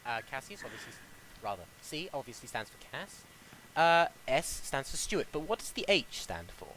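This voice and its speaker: A young man co-hosting a casual podcast chat, excitable and swinging between quiet asides and loud bursts. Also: mid-range voice, normal speed, a little hiss or hum, low-quality recording. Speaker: podcast co-host.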